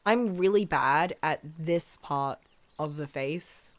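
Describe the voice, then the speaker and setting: A woman's voice: low-pitched, slow. A woman streaming while she draws, sick and coughing, chatting casually and laughing at herself. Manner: chatty, self-deprecating, laughs often. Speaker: streamer drawing live. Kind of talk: casual chat while drawing.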